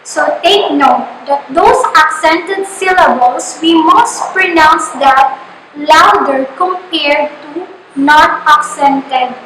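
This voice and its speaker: A woman teacher with a Filipino accent giving a slow, deliberate online lesson, sounding out her examples. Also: sits high, fairly bright tone. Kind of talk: online lecture. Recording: echoey room with faint noise.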